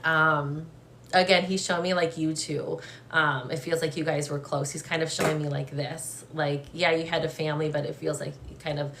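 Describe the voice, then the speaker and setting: A young adult woman giving a live-streamed psychic reading, gentle and emotional, hesitant with many fillers and restarts. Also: sits low, flat delivery, normal speed, creaky, noisy background. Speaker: medium.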